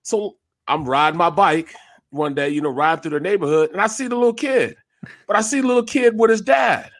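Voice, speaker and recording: Brief: man, raised pitch, dry close sound, lively storyteller who acts out dialogue. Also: a little fast, dry recording. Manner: acts out dialogue with loud bursts. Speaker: co-host, former football player. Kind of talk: animated storytelling in casual chat.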